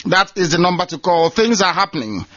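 Emphatic male radio host, bright voice. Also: high-pitched, lively intonation, a little fast, no room sound. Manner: emphatic, repeats himself. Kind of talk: call-in radio. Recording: slightly dull lo-fi sound.

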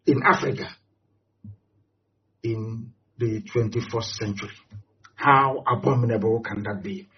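A man with a Nigerian accent giving an impassioned address, hammering points with repetition and rhetorical questions. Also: medium pitch. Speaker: political speaker. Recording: dull lo-fi audio.

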